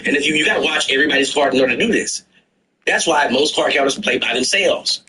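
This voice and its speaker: Animated, profane middle-aged storyteller man. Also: fairly high pitch, fast talker, a little hiss or hum. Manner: animated and profane, acting out his own past lines. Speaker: guest storyteller. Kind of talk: casual podcast storytelling.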